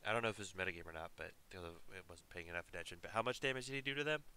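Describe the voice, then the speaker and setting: A man's voice: low voice, lively intonation, racing, bright, forceful tone, clear, resonant tone. A man playing a tabletop game, chatting in an easygoing, slightly unsure way. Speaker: player. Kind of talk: casual chat during a tabletop game.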